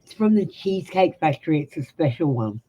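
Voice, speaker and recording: A woman's voice: sits low, very animated, brisk, warm tone, breathy edge, muffled recording. An Australian woman reading tarot cards on a live stream, chatting bluntly and casually with viewers in a practiced announcer-style delivery. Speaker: tarot reader.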